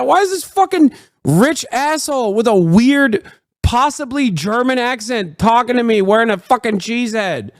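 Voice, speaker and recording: A man in his thirties ranting excitedly and profanely while commentating on a live stream. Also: very high-pitched, normal speed, no echo, studio quality.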